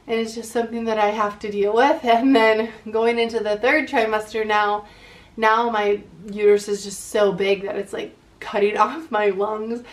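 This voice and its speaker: A woman vlogging in casual chat, talking on with lots of "like" fillers and running short of breath between phrases. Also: mid-range voice.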